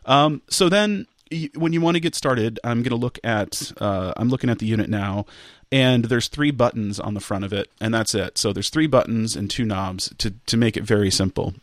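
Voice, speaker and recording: A man's voice: medium pitch, normal speed, no echo, clean studio sound. A man casually explaining audio equipment step by step in an online interview, with frequent fillers and restarts. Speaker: audio product specialist guest. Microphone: headphones and studio microphone over an online call.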